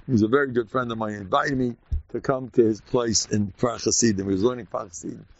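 A man with an American accent, a rabbi giving an informal, animated Purim talk full of stories and sudden shouts. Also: mid-range voice, fast talker, no echo, muffled recording.

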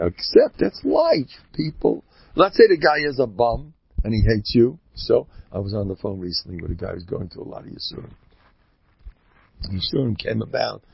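A man, a rabbi, giving an informal religious talk in an animated, rambling way, often mimicking other people's voices. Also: medium pitch, gravelly, husky, no room sound. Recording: dull lo-fi recording.

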